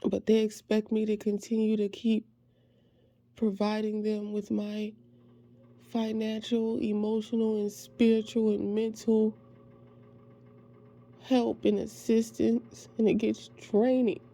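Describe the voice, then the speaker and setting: Slow, gravelly-voiced woman confiding. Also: mid-range voice, flat delivery. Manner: halting, heartfelt, with soft trailing phrases. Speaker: faith ministry creator. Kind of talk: personal emotional monologue.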